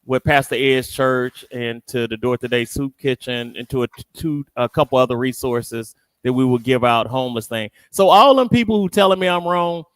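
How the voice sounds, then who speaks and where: Smooth, dry-sounding playful male host. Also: medium pitch, normal speed, few pauses, no room sound. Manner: playful, teasing, colloquial. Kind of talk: casual radio panel talk.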